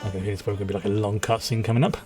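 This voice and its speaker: A man's voice: fairly low pitch, little pitch movement, rapid-fire, music in the background. A man with a London accent giving rambling, chatty commentary while streaming a game, often restarting his sentences. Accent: London English. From England. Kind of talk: casual gameplay commentary.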